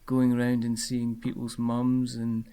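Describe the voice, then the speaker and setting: A man hosting a casual podcast chat, chatty and quick to laugh. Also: mid-range voice, completely flat delivery, warm tone, smooth. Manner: chatty, laughs often, lots of fillers. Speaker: podcast host.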